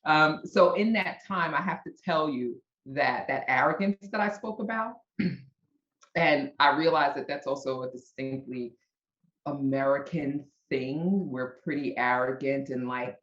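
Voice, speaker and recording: A woman's voice: extremely low pitch, unhurried. A middle-aged woman with a Brooklyn accent chats as a podcast guest, telling stories with plenty of laughs. Her voice sits in a roomy space, and the sound is slightly dull and muffled. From Brooklyn, New York. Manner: animated storyteller, laughs often. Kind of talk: casual interview chat.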